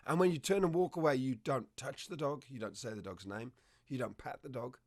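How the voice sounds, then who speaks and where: A man explaining dog behavior as a trainer, telling lively stories and acting out what dogs and owners say. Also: medium pitch, a little fast. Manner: animated storytelling, acts out dog and owner voices. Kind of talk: conversational explanation.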